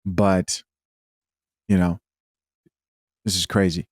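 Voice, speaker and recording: Man, host, very deep voice, dry close recording, musing reaction commentary, halting. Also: level tone, no echo. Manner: musing, halting, thinks aloud.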